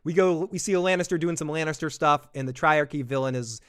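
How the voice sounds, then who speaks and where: A man's voice: on the high side, fast, clean tone. A man hosting a live episode reaction stream, talking casually with lots of swearing, laughs and self-deprecating jokes.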